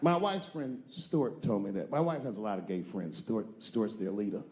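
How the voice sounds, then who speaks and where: A man's voice: lowish voice, sing-song, normal speed, background noise. A male stand-up comedian telling stories in a profane, conversational way with punchy emphasis.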